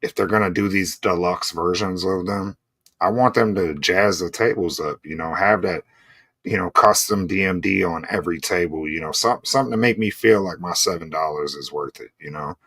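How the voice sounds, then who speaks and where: A laid-back man with a very deep voice chats casually as a show co-host. He keeps saying "bro" and "you know", and his close, dry mic leaves no room sound. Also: moderate pace, a bit bright, breathy edge, no echo. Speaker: podcast co-host. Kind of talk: casual chat.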